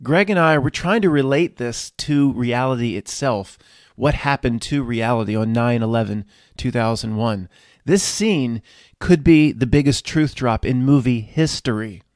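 A man's voice: medium pitch, normal speed, no room sound, studio quality. A man giving casual video commentary in an earnest, emphatic way, laying out a theory.

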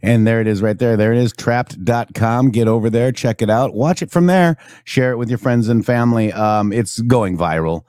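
A man's voice: mid-range voice, normal speed, hardly any pauses, darkish tone, dry recording, clean studio sound. A man hosting a political talk show, talking casually and rambling with many fillers. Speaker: show host.

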